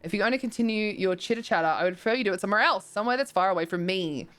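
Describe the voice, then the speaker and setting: A woman voicing a grumpy, territorial old echo spirit who talks in a brisk, scolding, stubborn way. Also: medium pitch, animated, a bit bright, clear, resonant tone, close to an everyday voice. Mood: irritated.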